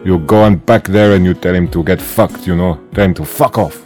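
A man's voice: low voice, brisk, darkish tone, soft background music, natural voice. A man playing an abusive call-center supervisor in a prank call, swearing freely and speaking in broken English. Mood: abusive, scornful. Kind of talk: prank call role-play.

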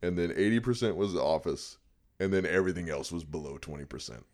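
A man's voice: low-pitched, fast, a little mellow. A man co-hosting a podcast in casual chat, easygoing and often answering briefly.

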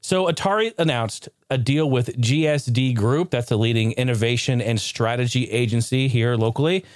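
A man's voice: mid-range voice, normal speed, no echo, studio quality. A man hosting his own podcast, telling a rambling funny story and laughing often, then running through the show's housekeeping. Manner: loose, rambling, laughs a lot, mimics shouting neighbor. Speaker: podcast host. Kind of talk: casual solo podcast storytelling.

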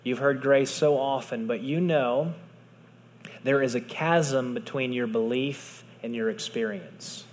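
A man preaching a sermon in earnest, dropping to soft hushed tones for emphasis. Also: mid-range voice, a little slow, in a large hall. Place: large hall with audience.

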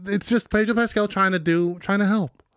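A man's voice: high-pitched, steady tone, moderate pace, a bit bright, clear, resonant tone, dry recording, clean studio sound. A man co-hosting a casual movie talk, joking and swearing as he retells scenes. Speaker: podcast co-host.

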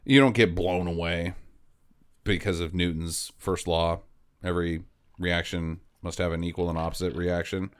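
A man's voice: deep voice, normal speed, clean tone. A man co-hosting a casual movie podcast, swearing freely and retelling scenes with quoted voices. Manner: profane, animated retelling with put-on quotes. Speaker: podcast co-host. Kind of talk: casual movie-recap chat.

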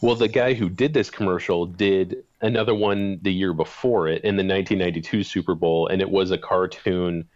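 A man's voice: deep voice, fairly even intonation, fairly quick, hardly any pauses, dry recording, muffled recording. A man co-hosting a casual podcast chat, mostly giving brief, laid-back replies. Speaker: podcast co-host.

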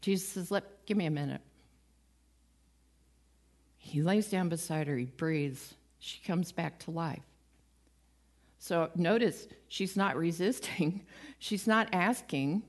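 A woman's voice: lowish voice, slow pace, long pauses. A woman giving a conversational sermon, retelling stories with acted-out quotes and a light, self-mocking humor. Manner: lively storytelling, acts out quoted voices, laughs at herself. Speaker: preacher.

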